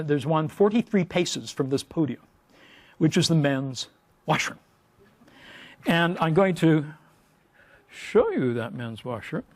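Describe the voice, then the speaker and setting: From a podium, a male professor gives a humorous lecture, wryly telling stories and throwing in playful sound effects. His voice is a little high.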